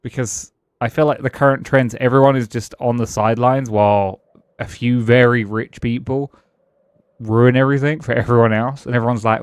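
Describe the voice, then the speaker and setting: A man's voice: medium pitch, steady tone, normal speed, smooth, dry recording. A British man streaming a game and musing aloud in casual chat, with frequent chuckles and restarted sentences. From Britain.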